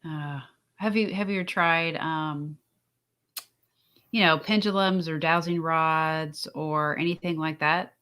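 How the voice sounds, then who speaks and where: Brief: woman host, very low pitch, curious questions, short agreeing replies. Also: fairly even intonation, slow pace, fairly bright tone. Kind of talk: interview questions.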